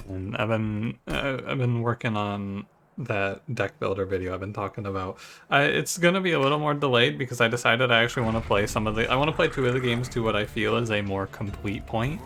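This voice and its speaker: A man's voice: lowish voice, a bit bright, a little hiss or hum. A man casually chatting to his viewers in a rambling way while commenting on his gameplay. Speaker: gaming YouTuber.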